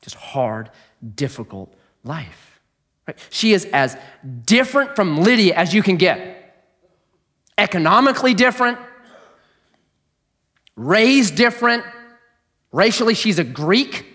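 A man with a fairly high voice preaching to his congregation. He tells stories casually, jumping between lively, quick bursts and quiet, dropped-down asides. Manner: conversational storytelling, swings from animated to hushed. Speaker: pastor. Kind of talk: sermon.

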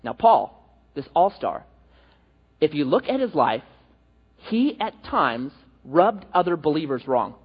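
A man preaching a sermon in an animated, storytelling way, acting out the people he quotes. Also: on the high side, unhurried, long pauses, husky. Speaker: pastor. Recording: echoey hall, dull lo-fi.

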